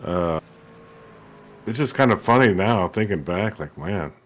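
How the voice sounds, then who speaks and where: A man's voice: sits low, expressive, unhurried, fairly bright tone. A man doing color commentary on an online race, joking and teasing his co-hosts. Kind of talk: casual broadcast banter.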